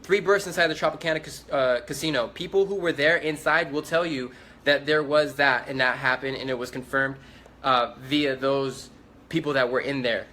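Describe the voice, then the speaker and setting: A man's voice: medium pitch, fairly even intonation, moderate pace, sharp tone, slight background noise. A young man giving a first-hand eyewitness account, urgent and repetitive, with many restarts.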